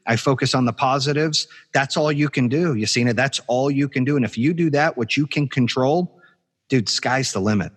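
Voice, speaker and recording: A man's voice: mid-range voice, moderate pace, husky. Motivational man hosting a podcast. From Arizona, USA. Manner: encouraging, motivational. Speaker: podcast host. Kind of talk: casual interview chat.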